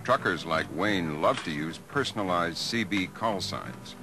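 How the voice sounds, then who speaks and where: A man narrating a 1980s broadcast documentary in a measured, polished delivery. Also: low-pitched, expressive, over loud music, rough recording.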